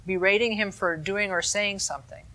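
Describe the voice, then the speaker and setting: Bright-voiced woman giving a dharma talk. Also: mid-range voice, moderate pace. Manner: calm, explanatory teaching with conversational asides. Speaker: meditation teacher.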